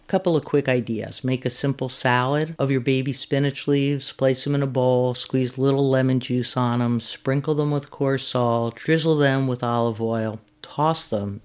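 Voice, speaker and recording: A woman's voice: rumbling low, darkish tone. A woman who volunteers as a master gardener, reading a scripted segment with friendly, step-by-step cooking instructions. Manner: friendly, instructive, recipe steps read at an easy pace.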